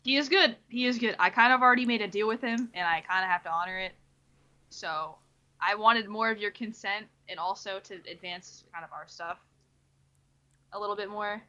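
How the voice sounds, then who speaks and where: A woman's voice: medium pitch, normal speed, pushed and bright. A woman playing her character in a tabletop game, talking earnestly and a little ramblingly as she makes her case. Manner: earnest, pleading, slightly rambling. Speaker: player. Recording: dull lo-fi mic.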